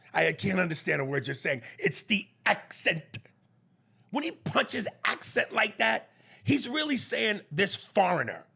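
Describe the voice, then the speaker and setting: A male podcast co-host with a gravelly, husky voice that swings widely in pitch. His tone is bright and sharp. He talks bluntly and profanely, leaning hard on the words he wants to land. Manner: animated, blunt and profane, punches key words. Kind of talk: casual podcast chat.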